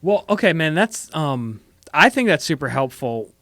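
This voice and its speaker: A man's voice: on the high side, big pitch swings, normal speed, pushed and bright, no room sound. A man hosting a podcast, prompting his guest with short affirmations and wrapping up the conversation casually. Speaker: podcast host.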